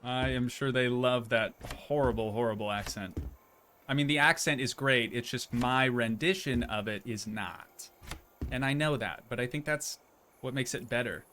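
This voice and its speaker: A man's voice: medium pitch, normal speed, fairly bright tone, a little hiss or hum. Young man, game streamer, casual commentary, rambling, self-deprecating.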